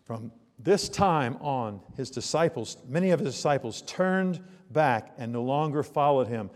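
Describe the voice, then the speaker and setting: A man preaching a sermon, dramatic, swinging between loud emphasis and hushed asides. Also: medium pitch, measured pace. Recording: long reverb of a large hall.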